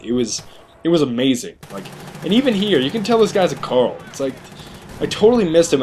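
A man's voice: medium pitch, a little hiss or hum. A man giving a chatty, rambling voice-over commentary on a video game, often mocking himself. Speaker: gaming commentator.

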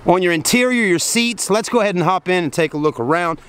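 A man's voice: sits high, expressive, fast talker, fairly bright tone, slight background noise. A man gives a chatty, folksy car review outdoors at a dealership at night and then inside the car, talking to his viewers as folks and sounding hot and tired after a long day. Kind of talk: casual walkaround car review.

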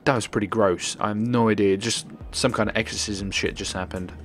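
Excitable young male game streamer. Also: on the low side, brisk, faint music behind. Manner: excitable, swears, jokes with chat. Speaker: gaming streamer. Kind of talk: live gameplay commentary.

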